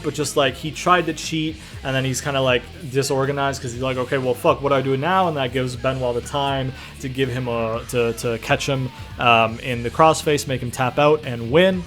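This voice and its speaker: A man's voice: mid-range voice, moderate pace, few pauses, soft background music. A man giving loose, profane let's-play commentary, calling listeners brother and bruh. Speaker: gaming commentator.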